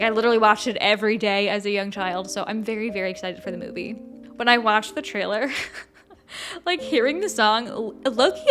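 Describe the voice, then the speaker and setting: A woman's voice: mid-range voice, fairly bright tone. A young woman hosting an art channel, chatting casually and bubbly with lots of likes and little laughs. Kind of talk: casual chat with sponsor read.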